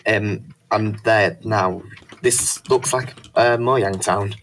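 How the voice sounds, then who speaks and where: A man with a lowish voice adds short, measured comments during a casual meeting over a voice call. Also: fairly even intonation, a bit bright, a little hiss or hum.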